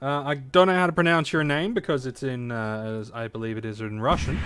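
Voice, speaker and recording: A man's voice: medium pitch, fairly even intonation, brisk, a bit bright, slight background noise. A man streaming a game, chatting casually to viewers, rambling with plenty of fillers and swearing freely. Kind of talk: casual livestream chat. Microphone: desk mic at home streaming setup.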